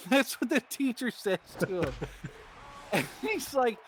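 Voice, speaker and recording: A man's voice: sits high, slow, noisy background. A man co-hosting a game stream, telling a rambling, laughing story and acting out the quotes. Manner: laughing, animated, acts out quotes.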